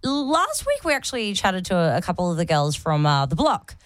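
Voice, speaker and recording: A woman's voice: fairly low pitch, sing-song, a little fast, dry recording. A young woman co-hosting a radio show, telling a story in casual chat and acting out the quotes. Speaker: radio co-host and real estate agent.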